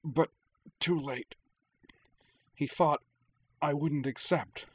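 A man voicing a frightened young woman in pain, speaking in a hushed, strained way. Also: medium pitch, animated, slow pace, voice pushed up. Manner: hushed, strained, breaking into pained cries. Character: frightened pained young woman warning a friend.

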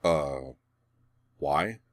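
A man's voice: extremely low pitch, lively intonation, extremely slow, no echo, studio quality, pitched below the performer's own voice, exaggerated voice. A man reading the part of a brooding young man who speaks wryly and matter-of-factly. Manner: wry, matter-of-fact. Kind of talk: audiobook character reading.

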